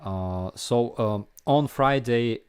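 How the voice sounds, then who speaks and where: A young man with a Ukrainian accent hosting a casual live stream Q&A, answering viewer questions in a halting way with many fillers and restarts. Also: medium pitch, darkish tone, clear, resonant tone.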